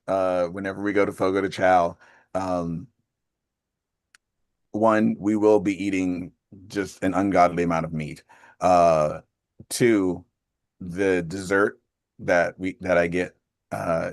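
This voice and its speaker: Gravelly, deep-voiced man in his fifties. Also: steady tone, unhurried, no room sound, studio quality. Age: 50s. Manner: rambling and chatty, laughs often. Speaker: host of an accountability call. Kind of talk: casual chat on a group call.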